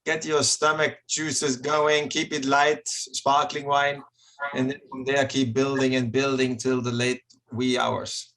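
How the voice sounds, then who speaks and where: A man's voice: medium pitch, level tone, slow, fairly bright tone. A winemaker speaking emphatically over a video call from his winery lab. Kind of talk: casual guest talk. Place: winery laboratory.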